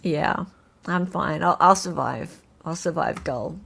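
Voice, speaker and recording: A woman hosting a casual livestream, chatting and reading viewer comments aloud in an animated way. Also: lowish voice, slow, creaky, slightly rough. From Australia. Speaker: host.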